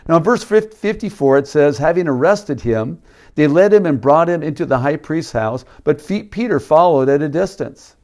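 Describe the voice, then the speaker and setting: A man's voice: a little high, expressive, normal speed, a little mellow. A man preaching a sermon, reading scripture aloud and explaining it with casual asides. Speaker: pastor.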